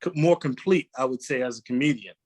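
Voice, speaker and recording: A man in his forties, a comedian telling animated stories in a casual interview and slipping into quoted voices. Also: mid-range voice, brisk. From New York. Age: 40s. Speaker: guest comedian.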